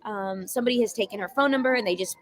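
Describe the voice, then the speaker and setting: A woman guest in a casual chat, telling stories in a relaxed way with drawn-out fillers. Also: mid-range voice.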